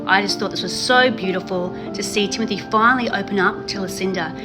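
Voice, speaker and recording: Over music, a woman with a mid-range voice talks fairly quickly to her viewers. She's a reality TV commentary host chatting casually to camera about a reality show, gushing emphatically and repeating lines for effect.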